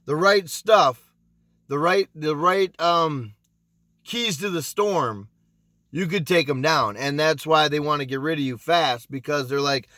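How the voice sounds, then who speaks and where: A man's voice: fairly high pitch, fairly bright tone, no echo. A man who used to be a casino pit boss tells a story in casual, blunt vlog talk. He swears, restarts his sentences and keeps asking "you know what I'm saying?". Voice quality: blunt, profane, repeats himself.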